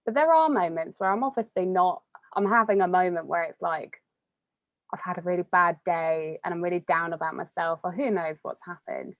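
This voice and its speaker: A young woman, chatting casually as an interviewee, full of fillers and quick laughs. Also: lowish voice, no room sound, lo-fi sound. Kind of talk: casual conversation.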